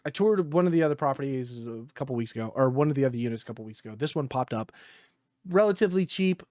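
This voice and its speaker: A man co-hosting a podcast, telling a story in a casual, profane, animated way and acting out what others said. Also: mid-range voice, quick pace, no echo, clean studio sound. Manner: profane, animated, acts out quotes. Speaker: podcast co-host. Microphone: podcast mic.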